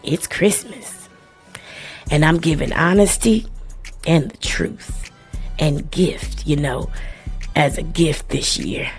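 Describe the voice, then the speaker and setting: A woman doing a slow, mumbling impression of a rival. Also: low voice, faint music behind, voice pushed down. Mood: mocking. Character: mocking impression of a rival woman, sluggish and dull.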